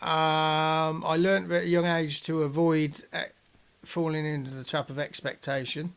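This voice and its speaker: A man's voice: a little high, little pitch movement, unhurried, vocal fry, a bit bright, clean tone. A man co-hosting a casual podcast, reflective and hesitant with frequent fillers. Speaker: podcast co-host.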